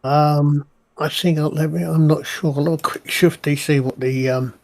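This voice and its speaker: A man's voice: on the high side, steady tone, measured pace, vocal fry, darkish tone. A man playing a tabletop game, thinking aloud and hesitating over his choices. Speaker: player. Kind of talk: casual tabletop play.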